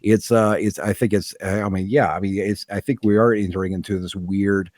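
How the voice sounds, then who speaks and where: A man as a podcast guest, speaking in halting casual talk full of fillers and restarts. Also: lowish voice, fairly even intonation, a little mellow, no echo, clean studio sound.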